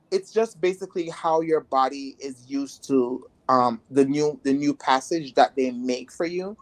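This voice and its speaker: A woman guest in a casual interview who talks bluntly and rambles, with many filler words. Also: sits low. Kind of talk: casual candid conversation.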